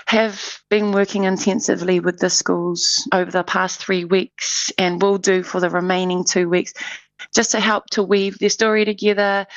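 A woman's voice: mid-range voice, no echo. A woman, an artistic director being interviewed on radio, talking with enthusiasm and frequent restarts. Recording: slightly muffled dry studio mic.

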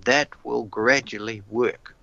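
Bright-voiced man explaining parenting advice. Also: mid-range voice, fairly even intonation, takes it slowly, vocal fry, no room sound, dull audio. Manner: repeats words while thinking, acts out what a parent might say. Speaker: parenting expert guest.

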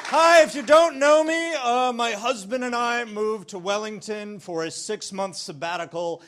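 A man with an American accent doing a stand-up set, deadpan punchlines broken by sudden loud outbursts. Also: high voice, moderate pace, a faint crowd. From United States. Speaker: stand-up comedian. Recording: played clip of a live stand-up set.

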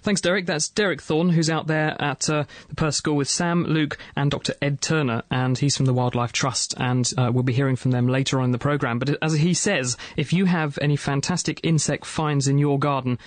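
A man hosting a radio science show in a studio, reading listener emails and questioning guests in a quick, jokey way. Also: on the high side, steady tone, no echo. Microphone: studio mic.

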